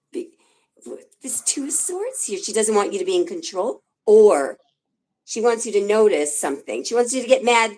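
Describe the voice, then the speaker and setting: A woman giving live tarot readings on a stream, emphatic and excitable, swearing now and then. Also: fairly high pitch. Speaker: tarot reader.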